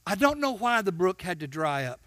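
A man preaching a sermon, swinging from shouts to hushed tones and acting out little dialogues with God. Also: high-pitched, very animated, brisk, dry recording. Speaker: pastor.

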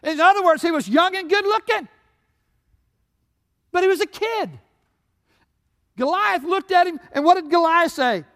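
A man preaching a sermon as pastor, swinging between loud peaks and hushed low passages, retelling scripture stories. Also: animated, measured pace, pauses often. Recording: long hall reverb.

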